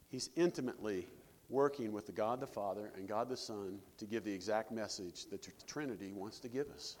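Man preaching in a reverberant hall. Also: medium pitch. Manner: conversational preaching with rhetorical questions. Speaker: pastor. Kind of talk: sermon.

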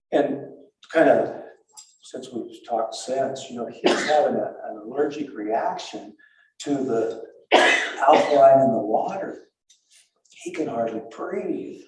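Older man, halting, booming echo. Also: warm tone. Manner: halting and breathless, with frequent restarts and repeats. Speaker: survivor telling his story. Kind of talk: spoken first-person recollection. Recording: very echoey and far from the mic.

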